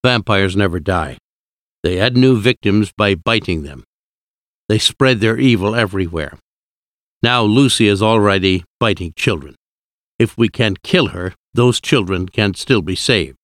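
A man doing an elderly professor who hunts vampires, speaking in a low, slow, solemn way. He sounds resolute and measured, every word weighed, as the narrator voices him, in a dry, close storybook reading. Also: lively intonation, dry recording. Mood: grave.

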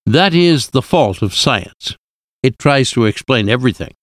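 A man reading the lines of a grave older male professor in a solemn, measured way. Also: mid-range voice, expressive, no echo, clean studio sound, close to an everyday voice.

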